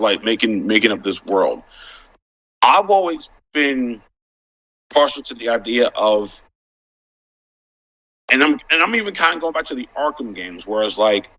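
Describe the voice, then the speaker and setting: A man with a bright voice talks as a guest on a casual panel, halting, restarting and stacking up "like" as he works out his point. His sound comes through dull and lo-fi. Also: mid-range voice.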